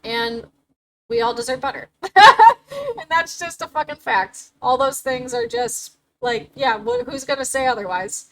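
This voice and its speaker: A woman's voice: high voice, big pitch swings, moderate pace, fairly bright tone, poor audio. A young adult woman hosting a livestream, talking casually and animatedly, swearing and laughing often. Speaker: livestream host.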